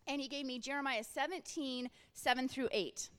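A woman's voice: high-pitched, normal speed, hardly any pauses, fairly bright tone, smooth. A middle-aged woman giving an earnest faith-based encouragement talk, telling stories and acting out her own thoughts. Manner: earnest, storytelling, acts out quoted thoughts. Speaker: Christian speaker. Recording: long hall reverb.

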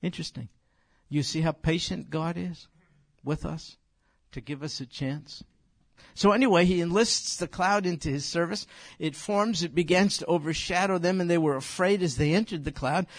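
Older man, Bible study teacher, conversational, emphatic, slightly high voice, dry close sound. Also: normal speed, dry recording. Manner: conversational, emphatic, addresses listeners directly. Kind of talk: informal Bible teaching to a group.

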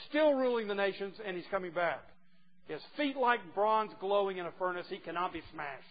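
A man preaching a sermon, emphatic and teasing, swinging from quiet asides to loud declarations. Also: sits high. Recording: dull lo-fi recording with faint noise.

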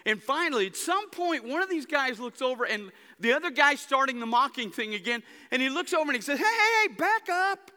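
Forceful man preaching in an echoing church. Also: very high voice, expressive, a little fast, hardly any pauses. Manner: dramatic preaching, swinging between hushed and loud emphatic stretches. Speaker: pastor. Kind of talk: sermon. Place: church sanctuary. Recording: long hall reverb.

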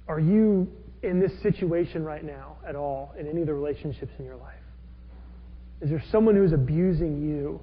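Male pastor, high voice, animated sermon delivery, muffled lo-fi recording. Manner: animated, acts out quoted characters with rising intensity. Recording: dull lo-fi audio with long hall reverb.

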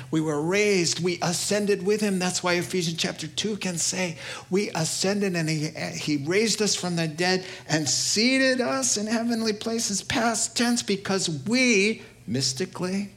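A male pastor with a New York accent preaches a sermon with animation, acting out quoted voices and swinging between loud and hushed delivery. His voice sits high.

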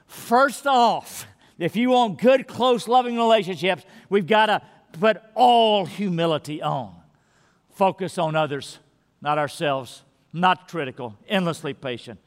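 A man preaching a sermon as pastor, earnest and repetitive, sometimes dropping his voice to a hush to stress a word. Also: high-pitched. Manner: earnest, repeats key words, drops to a hush for emphasis. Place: large church sanctuary. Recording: long hall reverb in a big church.

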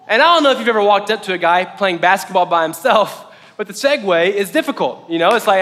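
A man gives a relaxed, chatty sermon and keeps dropping in "like" as he goes. His voice sits high and sounds bright. He is recorded in a church hall with a long, echoing reverb. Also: fast talker. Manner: casual and chatty, heavy with "like". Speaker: pastor. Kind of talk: conversational sermon.

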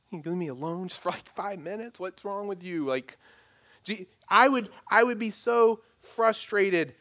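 A man's voice: on the high side, fairly bright tone. A man preaching a sermon in a conversational way, acting out the people in the story as he goes. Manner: conversational, acts out quoted voices, frequent restarts. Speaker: pastor.

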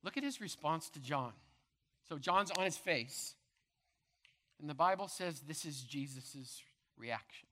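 A man preaching a sermon as pastor with impassioned delivery, rising to loud proclamations and dropping to hushed tones. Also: on the high side, animated, measured pace, long pauses, slight background noise. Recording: long reverb of a large hall.

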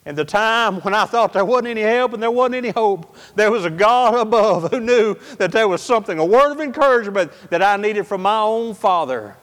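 A preacher with a high male voice turns a personal story into a sermon, talking a little fast with hardly any pauses. His folksy, animated delivery leaps to loud outbursts and sinks to hushed, almost whispered lines. A long hall reverb trails the sound.

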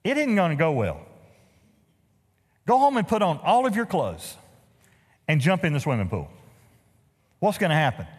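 Preaching in a large church hall, this pastor speaks at normal speed in a slightly high, breathy voice, leaving long pauses. His sermon features animated stories and humorous asides.

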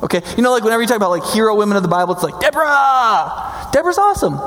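Brief: a high-voiced male Bible teacher, animated and joking, in a reverberant hall. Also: very fast. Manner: animated, jokey, frequent "right?" tags, acts out quotes. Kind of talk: casual storytelling lecture.

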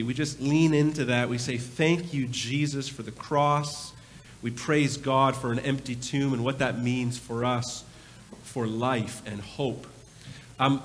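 Man, pastor, casual storytelling sermon, somewhat high voice, long church reverb. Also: a bit bright. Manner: conversational storytelling preacher. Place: large church with balcony.

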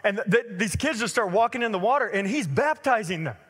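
Man, thirties, pastor, conversational sermon, lively storytelling, high voice, reverberant hall. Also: a little fast, breathy edge. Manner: conversational, energetic storytelling with many fillers.

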